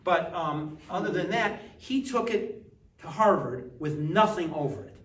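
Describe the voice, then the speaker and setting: A man telling lively anecdotes in a casual gallery talk, acting out the people in his stories. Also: a little slow. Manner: animated anecdotes, acts out voices with big pitch jumps. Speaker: art collector giving a gallery talk. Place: museum gallery. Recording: echoey gallery, distant mic, faint hiss.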